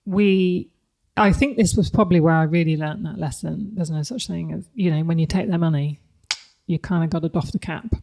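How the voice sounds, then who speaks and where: A woman's voice: lowish voice, brisk, creaky, a little mellow. A woman, speaking candidly and reflectively as a podcast guest, laughing often. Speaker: guest, company CEO. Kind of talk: podcast interview conversation.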